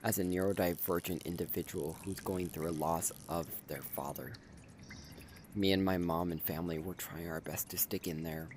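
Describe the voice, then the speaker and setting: A young man giving an emotional personal update as a content creator, halting and sighing as he holds back tears. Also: sits low, steady tone, darkish tone, a little hiss or hum. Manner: emotional, halting, with sighs and restarts.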